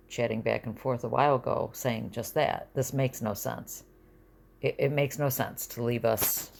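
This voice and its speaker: A woman's voice: rumbling low, vocal fry, darkish tone. A middle-aged woman venting in a casual vlog from her bed at home, rambling and confessional, sometimes sinking to a near-whisper.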